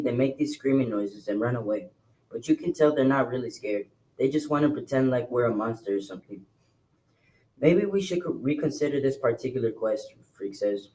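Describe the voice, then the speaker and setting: Reading a novel to a class, this mid-pitched man narrates plainly and steadily, avoiding any flourishes. His pace is brisk, and the audio is poor.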